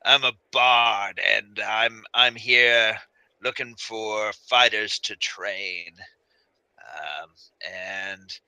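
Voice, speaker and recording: A worn-out old bard who grumbles along in slow, halting starts, as a man puts him on. His low voice is gravelly yet bright and forceful, recorded close and dry. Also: no room sound, full character voice, poor audio. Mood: weary. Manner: halting, rambling. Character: aging male bard, weary and grumpy.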